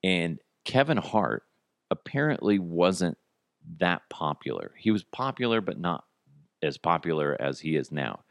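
Low-voiced guy rambling on his podcast, super animated, dry close mic. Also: gravelly, no echo. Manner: rambling, animated storytelling with quick asides. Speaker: podcast host. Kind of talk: casual comedic chat.

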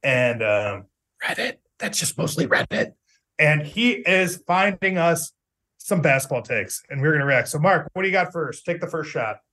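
A man's voice: a little high, animated, moderate pace, pushed and bright. A middle-aged man co-hosting a casual sports podcast, talking in a chatty, jokey way with plenty of fillers. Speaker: podcast co-host, sports reporter.

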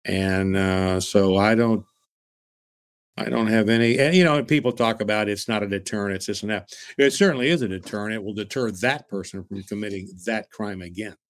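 A man's voice: lowish voice, moderate pace. A man co-hosting a podcast in casual chat, giving firm and blunt opinions as a former prosecutor.

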